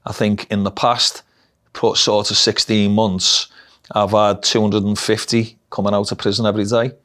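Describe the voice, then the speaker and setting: A man's voice: lowish voice, level tone, normal speed, fairly bright tone. A middle-aged man with a Liverpool Scouse accent, telling his life story bluntly and frankly in an interview. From Liverpool, England. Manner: blunt, dialect-heavy, frank. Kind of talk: candid personal storytelling.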